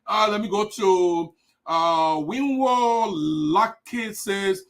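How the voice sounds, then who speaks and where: A man's voice: high voice, drawn-out words, a bit bright. A man with a Liberian English accent hosting a live stream, talking in an emphatic, repetitive, preachy way. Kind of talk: impassioned political livestream.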